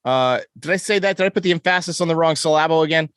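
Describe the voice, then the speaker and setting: Stat-quoting New man, fairly high. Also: fast, a bit bright, smooth, no room sound, studio quality. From New York. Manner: stat-heavy, enthusiastic, self-correcting. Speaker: podcast host. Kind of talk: casual sports podcast chat.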